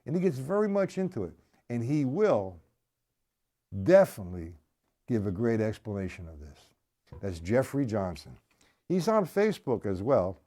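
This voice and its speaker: A man teaching drum technique on a live stream. His pitch swings up and down as he talks, animated and chatty. He repeats himself and keeps asking whether his viewers are following. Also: normal speed, pauses often. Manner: animated, conversational, repeats points, checks in with viewers. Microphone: live stream camera mic.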